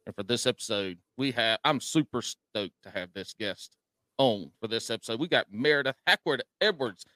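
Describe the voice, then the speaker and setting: A man's voice: medium pitch, animated, normal speed, bright, forceful tone, no echo, studio quality. A man with a Southern US drawl hosting a podcast in casual chat, folksy and self-deprecating with easy jokes. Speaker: podcast host.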